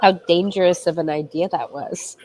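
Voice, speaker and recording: A woman's voice: lowish voice, moderate pace, a little mellow, a little hiss or hum. A woman co-hosting a casual podcast chat, mostly giving short agreeing replies. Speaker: podcast co-host.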